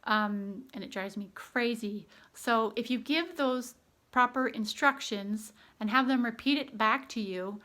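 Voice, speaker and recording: A woman in her thirties talks through parenting advice in a bright, forceful voice pitched a little high. She is earnest and chatty and often pauses on an um. It sounds like a casual advice video. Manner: earnest, chatty with frequent fillers. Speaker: homeschooling mother.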